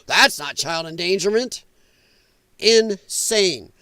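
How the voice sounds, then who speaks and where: A man's voice: high voice, lively intonation, slow pace, bright, forceful tone, smooth, dry recording. A man hosting a political podcast, giving blunt, indignant commentary and swearing freely. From United States. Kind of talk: opinionated livestream commentary.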